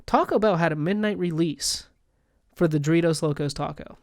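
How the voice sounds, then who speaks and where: A man co-hosting a casual podcast, telling a story in a profane, animated way. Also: fairly high pitch, moderate pace, no room sound, clean studio sound. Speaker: podcast co-host.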